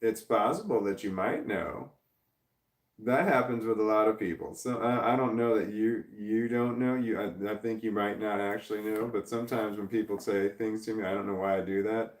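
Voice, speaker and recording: A man on a casual livestream, reading chat comments aloud and rambling through them with lots of halting restarts. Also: lowish voice, distant mic. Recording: roomy, off-mic sound.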